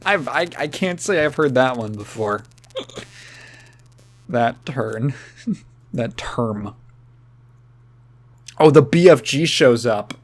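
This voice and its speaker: A man's voice: medium pitch, expressive. Rambling, swearing man on a podcast. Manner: rambling, laughing, swearing, halting restarts. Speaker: podcast co-host. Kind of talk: casual podcast chat.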